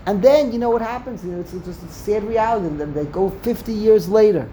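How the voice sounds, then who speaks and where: A man's voice: sits high, quick pace, warm tone, slight background noise. A man leading a Talmud study discussion, asking rhetorical questions and mixing in Hebrew terms. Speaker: Torah study teacher.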